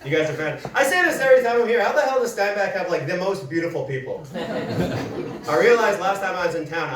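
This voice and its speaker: A man from Manitoba doing a self-deprecating stand-up set in a comedy club, laughing through his punchlines. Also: high voice. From Manitoba, Canada. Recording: roomy club recording from a distance, audience noise.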